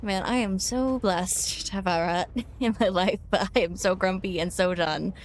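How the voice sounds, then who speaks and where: A woman's voice: medium pitch, normal speed, slight background noise. A woman player at a tabletop game, grumbling with self-deprecating humor. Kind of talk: casual tabletop gaming chat.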